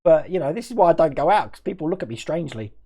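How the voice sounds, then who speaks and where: Live stream host, male, mixed Australian-English accent, fairly high voice, chatty and quick, laughs a lot. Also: expressive, warm tone, slightly rough. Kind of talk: casual live stream chat, reading viewer comments.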